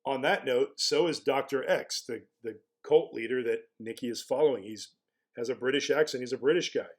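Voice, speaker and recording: A man at a mid-range pitch gives casual spoken commentary as a blogger. He wonders aloud as he goes, putting rhetorical questions to the listener and stumbling back over his words before he pushes on. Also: a little fast. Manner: musing, asks rhetorical questions, frequent restarts.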